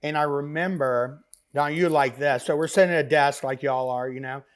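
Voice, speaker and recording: A middle-aged man, a business founder, telling stories as a podcast guest in a rambling, animated way with many fillers and asides. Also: fairly high pitch, normal speed, clear, resonant tone. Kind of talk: casual interview storytelling.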